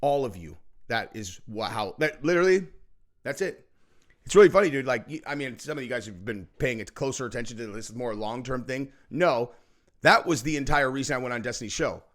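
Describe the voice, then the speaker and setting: A man's voice: medium pitch, animated, brisk, fairly bright tone. A man hosting a political commentary show, ranting in a heated, profane and mocking way, often acting out quotes.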